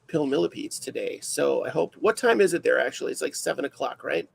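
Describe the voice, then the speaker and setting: Gravelly, husky man hosting a livestream. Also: fairly high pitch, lively intonation, a little fast, rough recording. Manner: rambling, self-deprecating, filler-heavy. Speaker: livestream host. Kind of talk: casual livestream chat.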